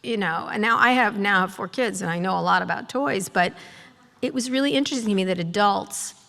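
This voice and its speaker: A middle-aged woman, a journalist guest at a live talk, telling sardonic, profane stories and mimicking people in quick asides. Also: medium pitch, gravelly, fairly bright tone. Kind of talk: on-stage storytelling conversation. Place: live event hall with audience. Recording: long reverb of a large hall.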